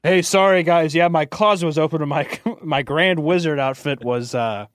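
A man's voice: fairly high pitch, moderate pace, no room sound, clean studio sound. A man with a Southern US accent co-hosting a podcast, joking and laughing often in casual chat. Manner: laughs often, jokey, talks over others. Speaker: podcast co-host.

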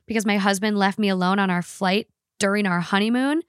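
A woman's voice: mid-range voice, brisk, smooth, no room sound, clean studio sound. A woman co-hosting a podcast, reading a listener's story aloud with expression and then chatting casually about it.

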